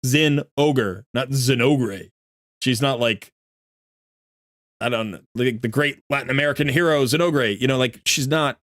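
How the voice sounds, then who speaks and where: A man's voice: medium pitch, moderate pace, a bit bright, no room sound, clean studio sound. A man giving chatty, rambling live-stream commentary as he looks through a viewer's game account, often correcting himself.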